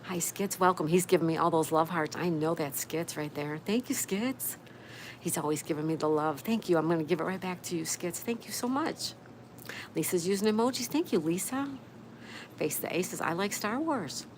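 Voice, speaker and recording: On a patio by a canal, a cheerful woman runs a casual live stream, greeting viewers and reading their comments out loud. She speaks at a moderate pace in a voice on the low side, and the poor audio has slight background noise.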